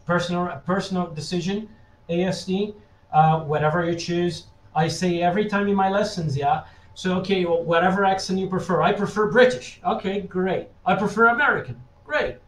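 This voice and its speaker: A man's voice: a little high, roomy sound, a little hiss or hum, poor audio. A man giving a live webinar as a language teacher, who reads out viewers' questions and keeps checking in with "yeah?" tag questions. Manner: reads out chat questions and answers them directly.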